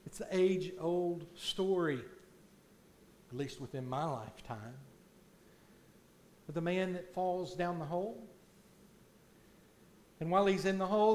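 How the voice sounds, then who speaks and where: A man preaching a sermon as pastor in a church, slow and deliberate, swelling loud on key points. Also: sits high. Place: church sanctuary.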